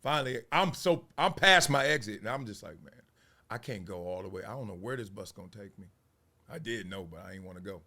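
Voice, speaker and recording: Animated man telling a street story. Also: fairly low pitch, a little fast. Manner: animated, acts out scenes with laughs; casual street slang. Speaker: host.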